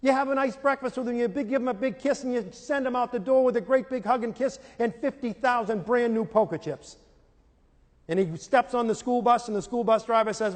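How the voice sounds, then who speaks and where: A man's voice: very high voice, fairly quick. A middle-aged man giving a live lecture on parenting and teaching to an audience. He tells stories with animation and acts out scenes in character. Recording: hall with long reverb.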